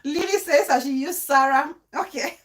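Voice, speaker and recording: A lively woman hosts a live-stream talk show and chats through viewer comments. Her voice sits on the high side, with quick laughs and frequent restarts. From Cameroon.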